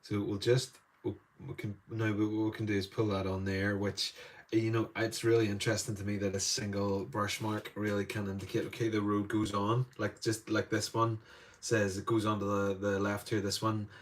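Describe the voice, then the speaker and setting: Irish man, art teacher, fairly low voice, live painting demo, casual rambling chat. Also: little pitch movement, moderate pace. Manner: chatty, rambling asides while painting. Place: indoor art studio.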